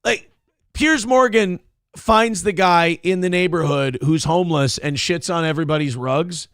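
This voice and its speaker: A man hosting a morning show, chatting in a rambling, profane, animated way and reading out viewers' messages. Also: a little high, normal speed, no echo, studio quality. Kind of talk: casual livestream chat.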